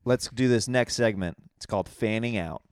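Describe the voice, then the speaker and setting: A man's voice: on the low side, normal speed, clear, resonant tone, dry recording, studio quality. A man hosting a casual podcast, joking around and playing a mock call-in radio host.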